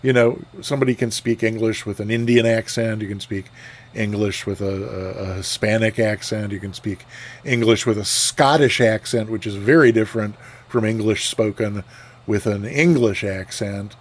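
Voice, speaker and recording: A man's voice: lowish voice, normal speed. A man streaming a flight sim, chatting casually with viewers, rambling with fillers and restarts. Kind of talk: casual live-stream chat.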